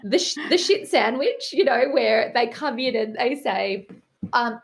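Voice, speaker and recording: A woman's voice: fairly high pitch, moderate pace, creaky. A middle-aged woman, a guest author, chatting in an interview with a wry, self-deprecating humor. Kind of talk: casual interview chat.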